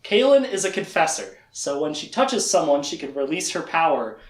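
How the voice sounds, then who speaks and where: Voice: mid-range voice, very animated, normal speed. A chatty, giggly speaker casually retelling the plot of a fantasy book series as a lecture. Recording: roomy echo.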